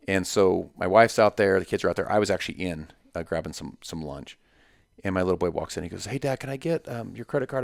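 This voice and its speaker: Man, podcast guest, very deep voice, gravelly fry, dry close mic, punchy storytelling. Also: no echo. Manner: emphatic, storytelling, punchy repetitions. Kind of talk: casual podcast conversation.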